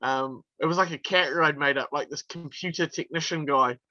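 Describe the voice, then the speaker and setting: A man's voice: fairly high pitch, a little fast, pushed and bright, no echo, lo-fi sound. A male wrestler from New telling stories in a casual interview, chatty and laughing through his anecdotes with plenty of fillers. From New Zealand.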